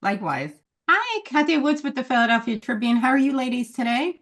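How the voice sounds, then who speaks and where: A woman's voice: high-pitched, big pitch swings, brisk, fairly bright tone. A woman interviewing film cast members in a chatty, bubbly press-junket style, laughing often.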